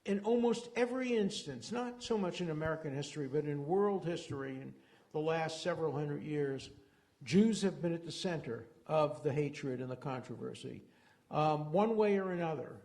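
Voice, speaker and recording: A man's voice: on the high side, expressive, moderate pace, darkish tone. An older man giving a public talk at a community center as a guest speaker, impassioned and digressive, with frequent restarts. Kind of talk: public lecture with Q&A moderators.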